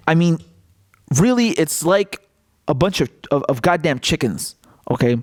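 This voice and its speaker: A male political commentator in a casual vlog, talking in a mocking, animated way and laughing often. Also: on the high side, measured pace, long pauses, dry recording, clean studio sound.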